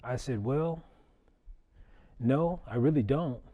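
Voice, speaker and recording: A man's voice: mid-range voice, takes it slowly, phone-quality sound. A middle-aged man, a basketball referee, telling a story to an audience in a conversational way, chuckling and repeating words as he restarts. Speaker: basketball referee giving a talk. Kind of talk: storytelling public talk.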